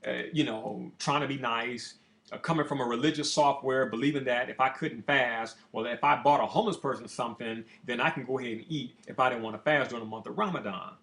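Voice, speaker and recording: A man who is a motivational speaker, telling a personal story in a casual, profane, animated way. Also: mid-range voice, fairly quick, vocal fry. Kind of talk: storytelling monologue.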